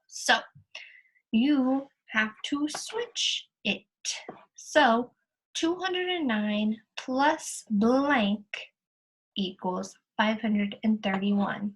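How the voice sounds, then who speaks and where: A woman teacher explains a worksheet slowly and patiently, one step at a time. Her voice sits a little high and has a slightly husky edge. She sounds like a screen-share lesson recording. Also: lively intonation, rough recording.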